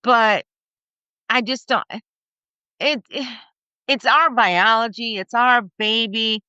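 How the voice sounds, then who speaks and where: A woman in her forties, a podcast guest, retelling a personal story in a halting, emotional way with many fillers. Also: fairly high pitch, bright, forceful tone, clear, resonant tone, dry recording. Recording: slightly muffled dry recording.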